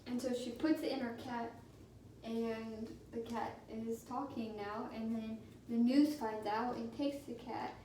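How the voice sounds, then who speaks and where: High-voiced woman in a very echoey room. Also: steady tone, mellow, a little hiss or hum. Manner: casual, halting. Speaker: podcast co-host. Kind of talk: improvised storytelling. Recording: very echoey room, distant mic.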